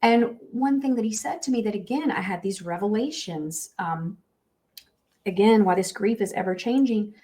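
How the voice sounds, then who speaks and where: A woman's voice: medium pitch, animated, moderate pace, mellow. A middle-aged woman co-hosting a podcast, sharing a personal story in an emotional, earnest way with lots of fillers. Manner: emotional, earnest, tells stories with many fillers. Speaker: podcast co-host. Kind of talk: candid conversational storytelling.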